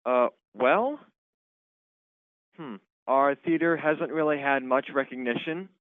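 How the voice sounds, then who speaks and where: A teenage boy, a high school student actor, answering interview questions with some hesitation and filler words. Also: slow, no echo. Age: teens. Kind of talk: phone interview. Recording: tinny phone line.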